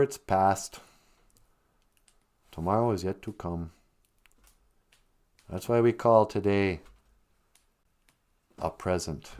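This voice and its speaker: A male morning-show host with a relaxed, joking delivery. His voice moves around a lot in pitch and often drops into quiet, low asides. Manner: easygoing, teasing, drops to low soft asides. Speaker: radio host teaching Ojibwe words. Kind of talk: joking morning radio chat.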